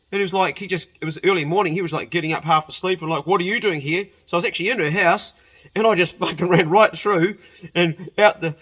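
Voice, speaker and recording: A man's voice: a little high, a bit bright. A man telling a rambling personal story in a casual way, often correcting himself and laughing as he goes.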